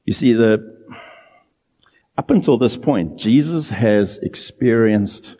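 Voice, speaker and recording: A man's voice: lowish voice, lively intonation, mellow. Earnest male preacher in a reverberant hall. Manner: earnest, emphatic preaching with slow, drawn-out phrases. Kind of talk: sermon.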